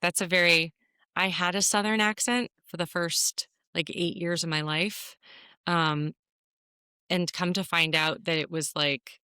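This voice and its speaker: A woman's voice: lowish voice, steady tone, measured pace, bright, forceful tone, clear, resonant tone, no room sound, clean studio sound. A woman from Virginia co-hosting a podcast in casual chat, playful and laughing often. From Virginia, USA. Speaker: podcast co-host.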